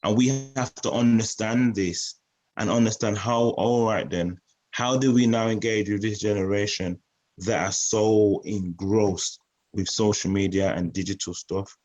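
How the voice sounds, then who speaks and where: A man's voice: lowish voice, fairly even intonation, unhurried, a little mellow, low-quality recording. A man giving a community presentation about a youth project. He speaks earnestly and often repeats words while he searches for his phrasing.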